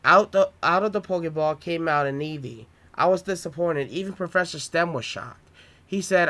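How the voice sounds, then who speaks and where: A man's voice: a little high, moderate pace, pushed and bright. A man reading his own homemade story aloud, with plain delivery and small stumbles.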